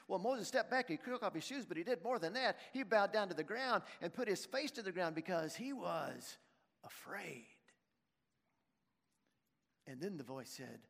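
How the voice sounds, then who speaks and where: A man's voice: high-pitched, animated, normal speed, gravelly, a bit bright. A man preaching a sermon in a church, retelling a story and putting questions to his congregation. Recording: long reverb in a large hall.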